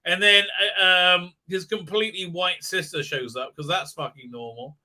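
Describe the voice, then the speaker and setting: A man hosts a ranting livestream, sarcastic and profane, mocking what he talks about. His voice is very bright and forceful and sits a little high. He stumbles through frequent hesitant fillers as he goes. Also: animated, normal speed. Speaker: show host.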